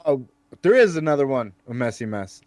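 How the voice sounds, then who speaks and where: Lively laid-back male co-host. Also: mid-range voice, a little fast, dry recording. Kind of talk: casual chat.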